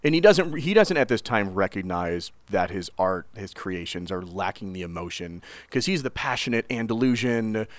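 Animated man telling a story. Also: on the low side, normal speed, few pauses, no echo. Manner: animated, jokey storyteller who acts out scenes. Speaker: podcast co-host. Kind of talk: casual storytelling chat.

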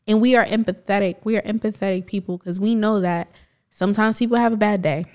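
A woman from New Jersey co-hosts a casual podcast, talking in an animated, encouraging way. She laughs easily and slips into the voices of people in her anecdotes. Her pitch sits in the middle for a woman. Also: fast. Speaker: podcast co-host. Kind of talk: casual motivational storytelling.

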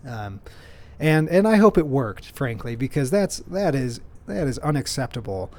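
A man hosts his own podcast, telling stories casually on his own, rambling with lots of restarts and playful self-mocking humor. His medium-pitched voice is very animated and darkish in tone, at a normal speed.

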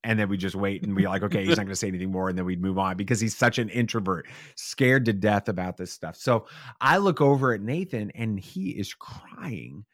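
A man, a father and podcast guest, telling a story in a casual, animated way and acting out the quotes. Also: lowish voice, fairly quick, dry recording, studio quality. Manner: animated, acts out quotes with shifting voices.

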